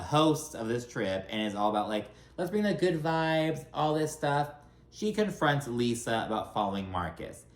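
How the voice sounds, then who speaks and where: A man talks through a reality TV episode in casual recap mode, blunt and profane, packed with fillers. His voice sits at an ordinary middle pitch. The room around him is noticeably echoey. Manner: chatty and blunt, heavy filler and profanity, acts out cast members in quotes.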